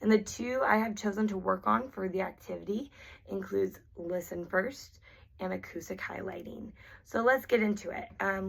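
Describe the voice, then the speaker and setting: A woman's voice: mid-range voice, fairly bright tone. Woman patiently explaining therapy strategies. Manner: clear, patient teaching with filler ums. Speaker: therapy instructor. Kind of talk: instructional explanation.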